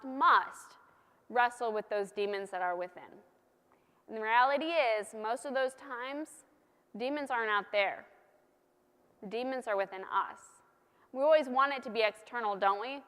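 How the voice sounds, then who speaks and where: A woman's voice: fairly high pitch, bright, forceful tone, clean tone. Playful woman preacher in a reverberant church. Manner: conversational, playful, emphatic repetition. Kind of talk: sermon.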